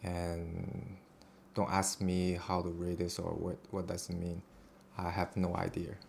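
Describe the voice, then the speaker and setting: A man with a very deep, gravelly voice talks slowly and flatly. He stumbles through a casual lesson, hesitant and self-deprecating. Faint noise sits behind him. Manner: halting, self-deprecating, with fillers. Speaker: teacher.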